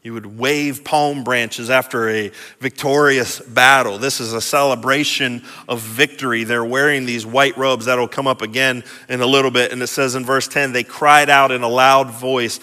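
A male pastor preaching a sermon in an earnest way, often repeating and restarting phrases, moving between quiet reflection and emphatic declaration. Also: mid-range voice, fairly even intonation, normal speed, few pauses, long reverb tail.

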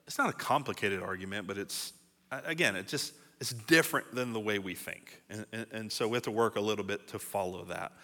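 A man's voice: mid-range voice, bright, forceful tone. A male pastor teaching a sermon in a conversational way, building to emphatic rhetorical questions. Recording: long hall reverb.

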